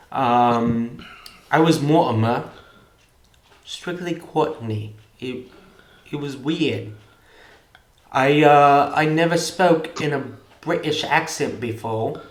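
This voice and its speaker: A man's voice: on the high side, reverberant. A tipsy man chatting casually and joking, rambling on between laughs.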